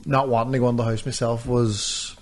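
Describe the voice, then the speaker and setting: A man chatting casually as a podcast co-host, easygoing and quick to laugh. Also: medium pitch, level tone. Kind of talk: casual chat.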